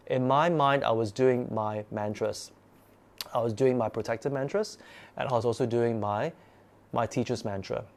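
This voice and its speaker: A man recounts an eerie experience in a relaxed, conversational way. He talks with lively animation and often repeats words as he builds the tale. His voice sits at a middle pitch. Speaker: guest storyteller. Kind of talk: casual spoken ghost story.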